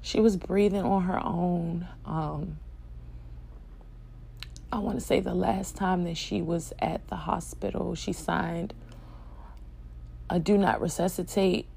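A young woman telling a personal story in a soft-spoken, hesitant way, with many fillers and restarts. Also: fairly low pitch, fairly even intonation, slow pace, gravelly, long pauses, husky. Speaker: vlogger sharing a personal story.

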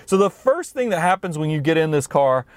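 A man's voice: a little high, sing-song, brisk, no echo. Man, southern US accent, middle-aged, enthusiastic, explaining, casual car review chat inside a car. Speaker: podcast co-host.

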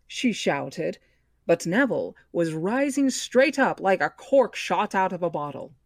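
A woman hosting a book club podcast, reading a novel aloud in a measured, expressive way. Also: on the low side, dry recording, studio quality.

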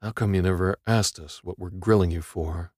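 A brutish, dim-witted prison guard sneers at his captive in a deep, low voice, as a man reads him. His taunts come out flat and mocking, and the dry close sound has almost no room to it. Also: normal speed, no room sound. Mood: taunting.

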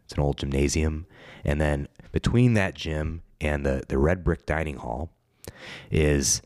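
A man's voice: extremely low pitch, measured pace, darkish tone, dry recording, studio quality. A man, a priest hosting a podcast, with an Ohio accent, chatting casually and teasing with frequent laughs. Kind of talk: casual chat.

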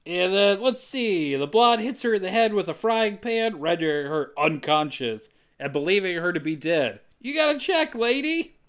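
A man's voice: high voice, normal speed, few pauses, fairly bright tone, clean tone. A man co-hosting a casual comedy podcast, narrating a film's plot with jokey asides. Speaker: podcast co-host recapping a film.

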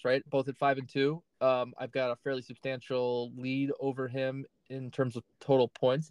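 A man's voice: mid-range voice, smooth, no room sound. A man co-hosting a fantasy football podcast, talking in a casual, hedging way and often tagging "right?" onto his points. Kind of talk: casual chat.

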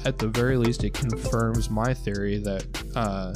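A man's voice: lowish voice, fairly even intonation, moderate pace, music in the background. A man co-hosting a casual podcast chat, dropping dry jokes and asides. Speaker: podcast co-host.

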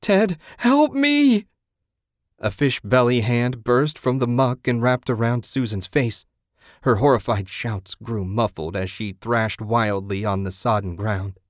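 A man reading a horror story aloud in a steady, grim voice. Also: fairly low pitch, measured pace, no room sound, studio quality.

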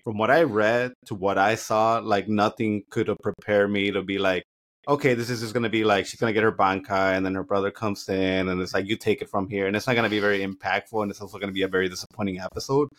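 A man's voice: fairly low pitch, fairly even intonation, quick pace, a bit bright. A man co-hosting an anime review podcast in casual chat, rambling and packing his talk with fillers. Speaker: podcast co-host.

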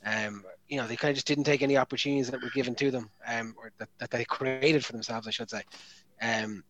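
A man's voice: mid-range voice, fairly even intonation, fast, a bit bright, poor audio. A man talking rugby in a hesitant way, with many ums and restarts. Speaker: podcast co-host. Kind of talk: casual sports chat.

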